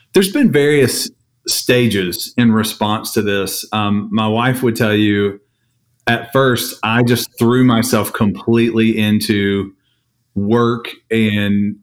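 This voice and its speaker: A man co-hosting a podcast who talks in a halting way, full of fillers. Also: on the low side. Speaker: podcast co-host. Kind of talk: casual podcast chat.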